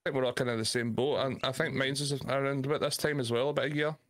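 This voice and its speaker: A man co-hosts a casual chat, asking questions in an easygoing way and laughing often. His voice sits at an ordinary middle pitch. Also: fairly even intonation, fast. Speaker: podcast co-host.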